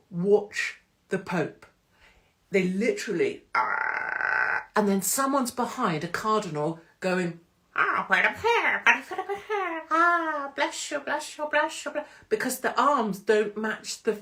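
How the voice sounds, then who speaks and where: A woman hosting a casual live stream from her phone, irreverent and sweary, slipping into mocking voices. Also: mid-range voice. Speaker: host of a live social media stream.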